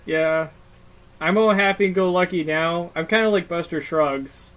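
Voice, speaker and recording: A young man co-hosting a podcast, telling stories in a loose, casual way. His voice sits a little high, and he swears freely and leans on fillers like "you know" and "like.". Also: unhurried, fairly bright tone, poor audio. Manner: profane, storytelling with lots of fillers. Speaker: podcast co-host. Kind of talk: casual chat.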